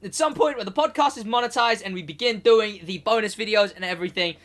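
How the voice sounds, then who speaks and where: A young man co-hosting a casual podcast, rambling and animated, laughing often. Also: high-pitched, fast. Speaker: podcast co-host, gaming segment host.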